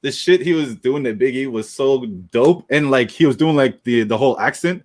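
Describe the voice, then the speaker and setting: A man co-hosting a casual podcast, telling stories with lots of energy and loose profanity. His voice sits at an ordinary middle pitch. He talks like he's hanging out with friends. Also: brisk. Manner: animated storytelling with profanity. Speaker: podcast co-host. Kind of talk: casual chat.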